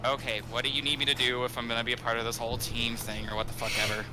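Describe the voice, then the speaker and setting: A man's voice: mid-range voice, flat delivery, rapid-fire, background noise. A man playing a tabletop game, grumbling and swearing as his character. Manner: grumpy, swearing in-character banter. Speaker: player. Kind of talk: casual tabletop game chat.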